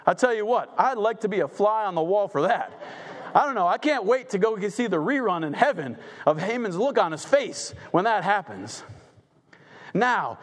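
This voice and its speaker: A man telling a Bible story as a preacher, dramatic and conversational, acting out the characters. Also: sits high. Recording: long hall reverb.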